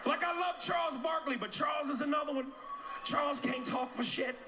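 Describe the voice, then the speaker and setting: A male stand-up comedian performing on a club stage with a brash, profane and animated delivery. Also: very high-pitched. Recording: loud noisy live club recording.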